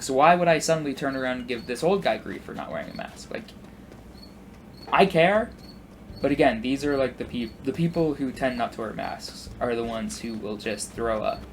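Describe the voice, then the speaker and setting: Playing a video game as he talks, this twenty-something gaming YouTuber tells rambling work stories, riddled with "like" and false starts. His voice is mid-range, and slight background noise can be heard.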